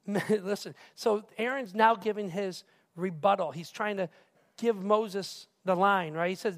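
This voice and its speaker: A male pastor preaching a casual, animated sermon who keeps asking the crowd questions. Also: sits high, normal speed. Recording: reverberant hall.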